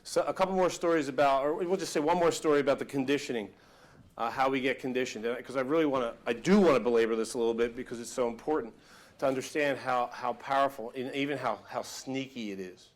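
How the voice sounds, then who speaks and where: A man giving a live motivational workshop talk, telling stories in an animated, emphatic, conversational way. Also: medium pitch, fast talker. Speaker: motivational speaker.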